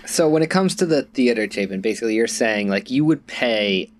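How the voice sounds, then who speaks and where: A man's voice: medium pitch, animated, fairly quick. A man co-hosting a podcast, poking at the others with playful questions. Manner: questioning, playful devil's advocate. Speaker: podcast co-host. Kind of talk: casual chat.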